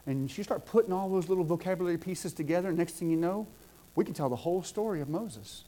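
A middle-aged man from Southwest Georgia preaching a sermon, building phrases up with emphasis and then dropping into soft asides. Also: sits high, quick pace, a little hiss or hum.

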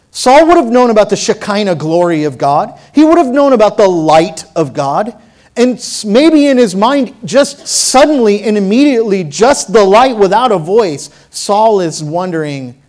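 A pastor with a high-sitting voice preaches a sermon, posing rhetorical questions to the congregation. He swings between loud passages and quiet ones.

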